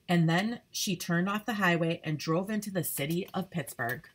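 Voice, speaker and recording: A woman's voice: on the low side, moderate pace, hardly any pauses. A woman reading a children's storybook aloud carefully to young listeners. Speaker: troop leader reading aloud.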